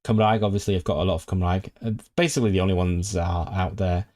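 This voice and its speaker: A man's voice: low-pitched, fairly even intonation, fast talker, darkish tone. A man hosting a casual language-learning livestream. He rambles and restarts often, reads viewers' chat messages aloud, and talks eagerly about languages. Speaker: language streamer.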